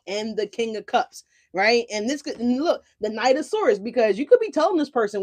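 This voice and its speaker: A woman's voice: a little high, lively intonation, fairly quick, hardly any pauses, darkish tone. Chatty, salty-tongued woman tarot reader. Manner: chatty, profane, rhetorical "right?" asides. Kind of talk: casual tarot reading.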